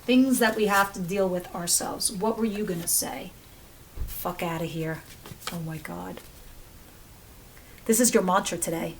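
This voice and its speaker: A woman's voice: medium pitch, normal speed, a little hiss or hum. A woman giving a casual tarot reading, chatty and swearing freely as she talks to viewers. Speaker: tarot reader.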